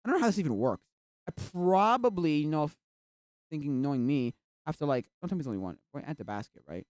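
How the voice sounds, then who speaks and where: Rambling live streamer, very lively pitch. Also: quick pace, no echo. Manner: rambling, heavy use of "like". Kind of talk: casual stream chat. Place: at a computer while streaming.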